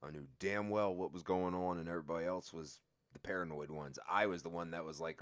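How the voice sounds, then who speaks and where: A man telling a story from his own life in a casual, profane, lively way. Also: low-pitched, a little fast, hardly any pauses.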